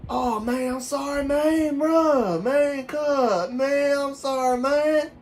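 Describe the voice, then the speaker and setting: A man voicing an excitable teenage boy classmate with a Southern US accent, repeating himself in drawn-out shouts. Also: extremely high pitch, a little hiss or hum, voice pushed up. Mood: commiserating.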